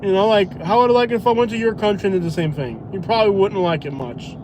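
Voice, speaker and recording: A man with a fairly high voice, rambling and joking as he drives his delivery route. He talks from inside a vehicle, with road noise clearly heard under his voice. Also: fast. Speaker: food delivery driver and live streamer. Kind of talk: casual chat while driving. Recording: noisy car interior.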